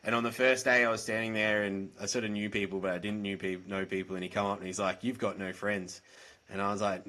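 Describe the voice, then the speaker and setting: A man with an Australian accent speaks in a somewhat low register. His talk is direct and earnest, the frank conversational way of a podcast guest. He sounds like he is on a video call. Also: flat delivery, fast talker, sharp tone. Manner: direct, earnest, plain-spoken. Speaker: podcast guest, mental health advocate. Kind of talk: candid conversational storytelling.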